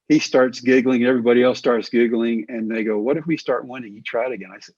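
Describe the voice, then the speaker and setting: A middle-aged man, a former pitcher, telling his story in an interview and acting out the quoted lines. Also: steady tone, brisk, a little mellow, breathy edge, dry recording, lo-fi sound. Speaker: guest, former pitcher and coach.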